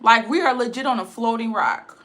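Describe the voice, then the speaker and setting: A woman's voice: a little high, a little fast, a bit bright. A woman giving a blunt, emphatic casual livestream rant, repeating her points. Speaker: live streamer.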